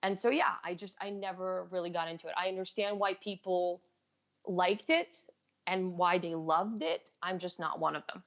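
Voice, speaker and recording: A woman with a fairly low voice chatting as a guest on a live stream. She states her views calmly and earnestly, and her audio comes through dull and lo-fi, like a call. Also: moderate pace. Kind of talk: casual live chat.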